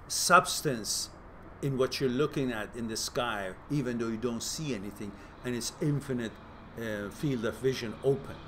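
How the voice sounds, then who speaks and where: A man's voice: a little high, slight background noise. Playful, laughing man hosting a live Q&A. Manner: playful, laughs often, teases the viewers; thinks aloud, with fillers and restarts. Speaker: host answering viewer questions. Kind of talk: casual live-stream Q&A.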